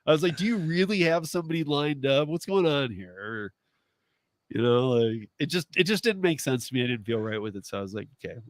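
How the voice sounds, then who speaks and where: A man in his thirties hosting a casual talk show, telling a story with lively acted-out dialogue. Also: mid-range voice, brisk, no room sound. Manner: animated storytelling, acts out quoted dialogue, laughs often. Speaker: podcast host, rideshare driver. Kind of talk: casual chat.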